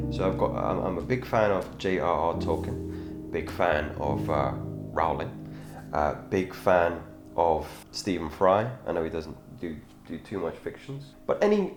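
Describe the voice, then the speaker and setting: A man hosting a self-improvement channel, giving a measured instructional talk on speaking and often correcting himself mid-sentence. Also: sits low. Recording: echoey room with background guitar music.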